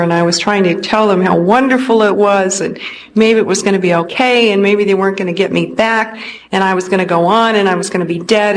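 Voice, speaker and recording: A woman from California giving an earnest, unhurried personal testimony, pausing often with hesitations. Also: mid-range voice, low-quality recording. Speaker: speaker recounting a near-death experience. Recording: restored old recording with faint noise.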